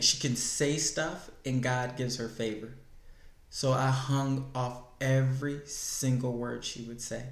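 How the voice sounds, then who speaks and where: A man with a gravelly, fry-edged voice recounts his life story as a guest, earnest and involved. His voice bounces around an echoey room. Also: medium pitch. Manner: earnest storytelling, acts out past conversations. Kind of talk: personal testimony in conversation.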